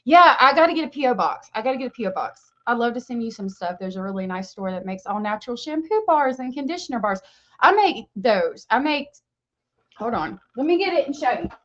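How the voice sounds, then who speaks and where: A woman hosts a casual livestream and chats along, gushing and greeting her viewers by name. Her voice sits fairly high. Her webcam mic gives the sound a dull, lo-fi quality. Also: lively intonation, a little fast. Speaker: livestream host.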